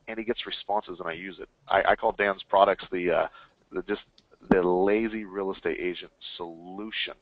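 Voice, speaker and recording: A man's voice: fairly low pitch, no echo. Male webinar host, hyped salesy energy, thin phone-quality audio. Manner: energetic, hyped promotional delivery. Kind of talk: casual webinar chat. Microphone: call or webinar line. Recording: tinny phone-line audio.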